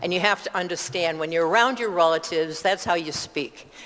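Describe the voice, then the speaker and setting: A woman's voice: on the low side, brisk, fairly bright tone, in a large hall. Older upstate New York woman, rambling testimony. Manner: digressive, chatty, with asides and self-corrections. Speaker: church member giving testimony. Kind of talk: personal testimony, rambling storytelling. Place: church.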